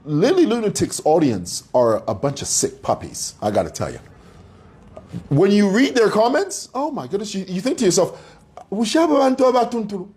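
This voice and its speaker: Host, male, mocking commentary monologue, lively pitch that swings up and down, preacher-like asides to the audience. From Zambia. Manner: combative, mocking, preacher-like address to viewers.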